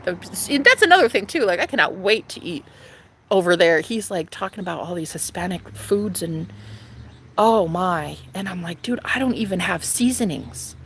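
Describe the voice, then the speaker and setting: Gravelly-voiced woman vlogging candidly. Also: on the low side, lively intonation, moderate pace, a little hiss or hum. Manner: candid and profane, swings between whispers and loud bursts. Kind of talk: casual confessional vlog.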